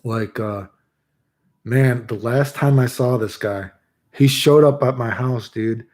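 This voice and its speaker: Man, streamer, casual storytelling, rambling, says dude constantly, warm mellow tone, middle pitch. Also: takes it slowly. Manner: loose, laid-back delivery with restarts.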